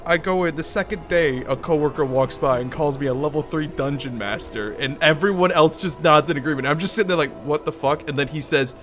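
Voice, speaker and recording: A man's voice: a little high, fairly quick, hardly any pauses, fairly bright tone, faint music behind. A young man streaming a game, chatting casually, swearing, laughing and drifting into tangents. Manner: laughing, profane, rambling. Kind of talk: casual gameplay commentary.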